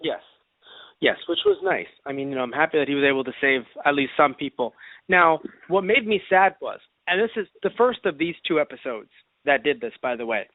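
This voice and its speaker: A man co-hosts a casual podcast and talks in an animated way. His voice sits high and swings widely in pitch. The sound is dry and narrow, like a phone line. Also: a little fast, no echo. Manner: animated, acts out mock quotes. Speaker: podcast co-host.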